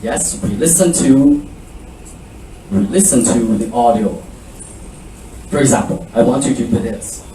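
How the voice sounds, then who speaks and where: A school principal gives a seminar to prospective students in a presentation room, lecturing with animation while mixing in French phrases and drills. His mid-range voice is unhurried and full of pauses. Captured from a distance, the recording has room echo and a faint hum underneath.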